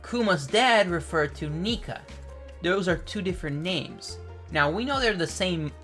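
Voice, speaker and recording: Excited man reacting to a manga chapter. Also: high voice, a little slow, faint music behind. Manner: excited, thinking aloud with self-corrections. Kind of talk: casual chapter reaction and review.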